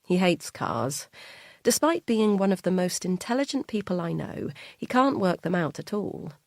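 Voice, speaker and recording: A woman with a lowish voice reads first-person audiobook narration, measured and quietly tense. The studio sound is dry and close, with no room around her. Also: very animated, vocal fry, no room sound.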